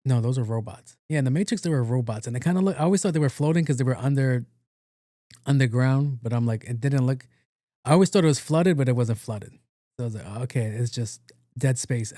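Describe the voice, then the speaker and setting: A man's voice: mid-range voice, warm tone, no echo, clean studio sound. A man hosting a podcast, recapping a movie in a rambling, profane, casual way and acting out the characters' lines. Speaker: podcast host.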